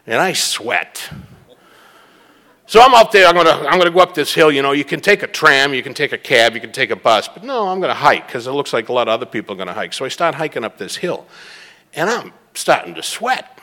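A man's voice: mid-range voice, sing-song, a little fast, sharp tone, big-room sound. A middle-aged man from the Boston area giving a rambling, self-mocking personal talk at a recovery meeting.

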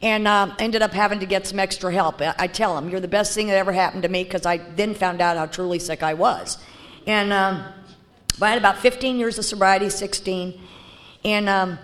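A woman's voice: medium pitch, steady tone, a little fast, fairly bright tone. A woman speaking bluntly and candidly as she shares her recovery story, with frequent fillers and restarts. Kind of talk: personal testimony talk.

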